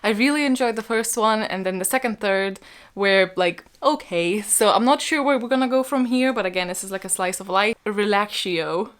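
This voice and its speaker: A woman hosting a book vlog in casual chat, excitable and gushing, laughing often as she talks. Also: medium pitch, moderate pace. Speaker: book vlogger host.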